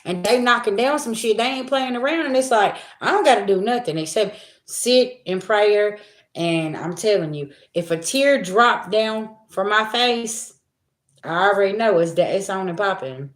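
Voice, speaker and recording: In an echoey room, a woman gives her viewers a spiritual reading as a casual monologue. Her mid-range voice is animated and moves at a moderate pace, and she's blunt and profane, repeating herself for emphasis.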